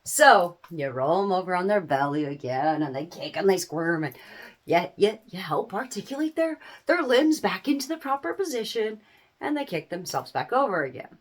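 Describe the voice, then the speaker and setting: Middle-aged woman, casual to-camera chat, folksy and animated, very lively intonation, laughs often. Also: on the low side, normal speed. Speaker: small business owner giving parenting advice.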